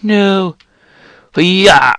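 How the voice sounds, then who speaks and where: Young male gamer, excitable and foul-mouthed, slightly high voice, unhurried delivery. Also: clean tone, no echo. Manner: excitable, swears and exclaims often. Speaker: gaming channel host. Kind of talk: let's play commentary.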